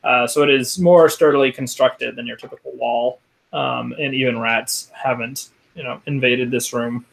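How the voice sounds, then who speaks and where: A man narrating as game master of a tabletop game, halting with many ums and restarts. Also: mid-range voice, steady tone, creaky, low-quality recording.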